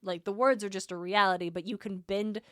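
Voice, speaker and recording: A woman's voice: medium pitch, brisk, smooth, dry recording, studio quality. A woman co-hosting a podcast, casually summarizing a novel's chapter and thinking aloud. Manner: relaxed, thinks aloud with fillers. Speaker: podcast co-host. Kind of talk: casual book discussion.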